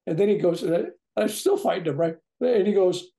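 A man's voice: high voice, brisk, gravelly, few pauses, dark tone. A man in his seventies, an interview guest telling a personal story casually, acting out the dialogue and often checking in with "right?". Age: 70s. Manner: acts out quoted dialogue, tags lines with "right?".

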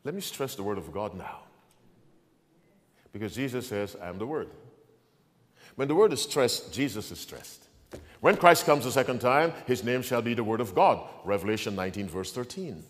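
A male pastor preaching a sermon, asking the congregation to answer back and swinging between quiet asides and loud proclamation. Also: fairly low pitch, lively intonation, normal speed, pauses often, long reverb tail.

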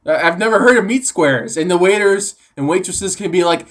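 A woman giving an excitable comedic monologue, her pitch leaping up to shrieks and dropping to mutters. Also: brisk, hardly any pauses. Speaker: comedic vlogger.

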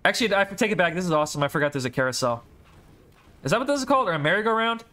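A young man playing a game with a friend, chatting casually, swearing and yelling in mock outrage. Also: sits high, expressive. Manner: loud, swearing, quick to yell in mock outrage. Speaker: gaming channel host. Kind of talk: casual co-op gameplay banter.

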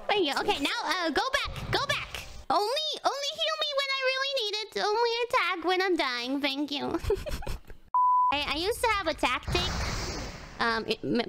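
Very high-pitched, lively woman streamer. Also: very noisy. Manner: excitable, laughs often, swears casually. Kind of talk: gaming livestream commentary. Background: game music.

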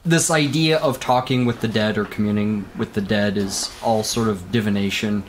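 A man's voice: on the low side, steady tone, moderate pace, a little hiss or hum. A man hosting a casual history podcast, rambling through facts with crude jokes and frequent laughter. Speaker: podcast host.

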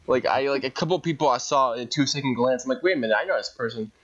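A man co-hosting a podcast in casual chat, excitable and rambling, with lots of "like". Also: mid-range voice, very fast, dull audio. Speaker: podcast co-host.

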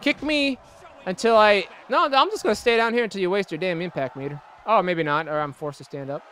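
A man commentating his own wrestling video game play, excitable and profane, trash-talking his opponent, groaning at hits and yelling when things go wrong. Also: sits high, fairly quick, slight background noise. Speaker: gameplay commentator.

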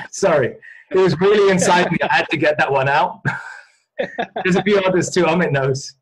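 A man's voice: high voice, moderate pace, fairly bright tone, breathy edge, low-quality recording. A man hosting a casual interview in a playful, chatty manner. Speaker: host.

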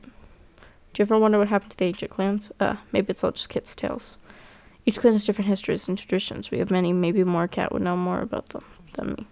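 A woman's voice: mid-range voice, level tone, brisk, creaky, dark tone. A woman playing a cat-clan game and commentating casually, reading the characters' lines aloud and talking back to them sarcastically, swearing now and then. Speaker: gameplay commentator.

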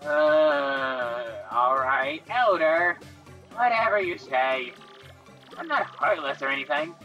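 A woman's voice: deep voice, very animated, slow, a bit bright, faint music behind, full character voice. A woman voicing an earnest young male creature who leads his small tribe.

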